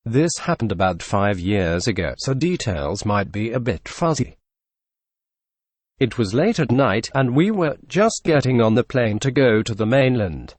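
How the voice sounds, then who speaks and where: A man narrates an internet story in a lively, animated voice that moves up and down in pitch. The recording is dry and close, with no room sound. He throws in sarcastic little asides. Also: a little slow, no echo. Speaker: narrator reading a reddit story.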